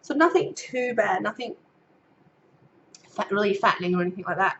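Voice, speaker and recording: A woman's voice: medium pitch, animated, normal speed, a bit bright, highs cut off, slight background noise. A woman in her thirties with an Australian accent, giving a casual pregnancy update to camera, a little out of breath and getting over a cold, chatty with many ums as she reads her notes. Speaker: vlogger.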